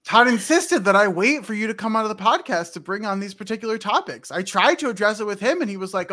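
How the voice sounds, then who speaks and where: A man hosting a podcast, chatting casually in an animated, teasing way. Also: high-pitched, fast talker, few pauses. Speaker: podcast host. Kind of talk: casual chat.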